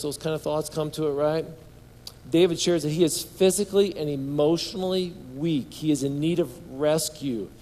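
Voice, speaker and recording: A male pastor delivers a sermon in a long, ringing hall reverb. His voice sits a little high but sounds mellow and warm. He reads scripture with mounting fervor and calls the congregation to repeat lines back. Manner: reads scripture aloud with rising fervor, leads congregation responses. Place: large hall or church.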